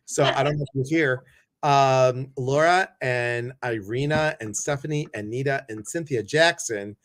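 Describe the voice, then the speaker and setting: A man's voice: mid-range voice, normal speed, a bit bright. A man hosting a live stream, chatting casually and greeting viewers one by one by name.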